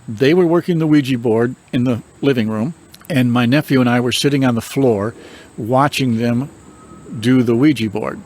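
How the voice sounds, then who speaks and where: An older man, a reverend and paranormal investigator, calmly telling ghost stories with measured pauses. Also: medium pitch. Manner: calm, measured storytelling with dramatic pauses. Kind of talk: storytelling.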